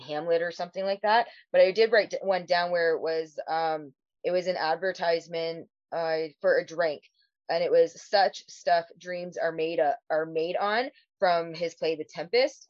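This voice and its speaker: A woman's voice: sits low, steady tone, moderate pace, no room sound, dull audio. A woman co-hosting a podcast in casual chat, swearing freely and laughing often. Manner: swears a lot, laughs often, breaks into silly voices. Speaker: podcast co-host.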